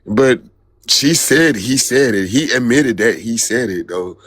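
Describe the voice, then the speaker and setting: A man's voice: mid-range voice, lively intonation, unhurried, fairly bright tone, no echo. A man joining a livestream, pressing the host with insistent questions. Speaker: livestream guest. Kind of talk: casual livestream talk.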